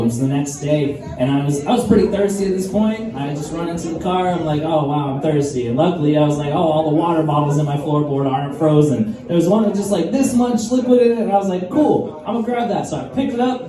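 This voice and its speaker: A man doing a stand-up comedy set, telling crude stories in a laid-back, profane way. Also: fairly high pitch. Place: live comedy venue with audience. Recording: echoey room, mic heard from far, crowd noise.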